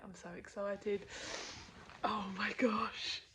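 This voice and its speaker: A woman's voice: medium pitch, little pitch movement, slow, fairly bright tone, a little hiss or hum. A woman vlogging in a chatty, effusive way, thinking aloud and often dropping to a near-whisper. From Peckham, London. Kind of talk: casual vlog talk to camera.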